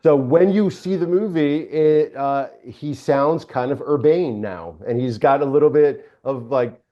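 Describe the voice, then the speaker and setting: A man working as a film director, telling behind-the-scenes stories in a relaxed interview, with frequent hesitations. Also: a little high, measured pace. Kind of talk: casual interview chat. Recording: dull lo-fi sound.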